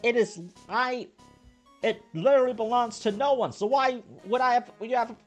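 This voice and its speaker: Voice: monotone, unhurried, darkish tone, soft background music, close to an everyday voice. A let's play narrator voicing a hostile, petty grouchy old man in a game. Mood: indignant. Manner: shrill, indignant and bickering.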